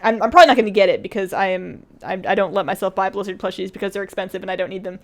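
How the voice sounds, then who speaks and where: A woman's voice: mid-range voice, very fast. A woman game streamer chatting casually during a live stream, reading chat aloud and laughing often.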